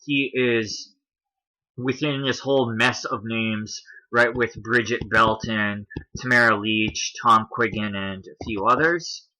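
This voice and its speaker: A man's voice: on the low side, steady tone, takes it slowly, sharp tone, poor audio. A man hosting a commentary video, talking through a list on screen in a casual explaining way, with a Canadian accent.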